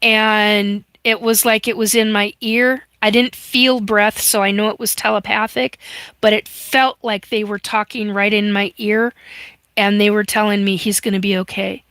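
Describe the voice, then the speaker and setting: A middle-aged woman speaks slowly and haltingly on her livestream, choked up and sniffling between phrases. Her voice is bright and forward, recorded close and dry with no room around it. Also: mid-range voice, flat delivery, clean tone, no echo. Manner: tearful, halting, reading out viewer comments. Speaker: livestream host. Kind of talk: emotional livestream monologue. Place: home livestream.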